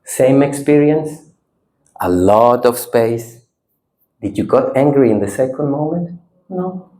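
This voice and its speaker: A man who is a Buddhist monk giving a retreat talk, speaking non-native English with simple phrasing, playful and animated, swinging from lively to hushed. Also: medium pitch, slow. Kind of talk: dharma talk with audience exercises.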